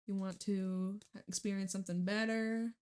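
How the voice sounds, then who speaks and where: A woman's voice: medium pitch, fairly even intonation, normal speed, darkish tone, smooth. A woman giving a casual tarot reading in a chatty, laughing way, full of fillers. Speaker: tarot reader.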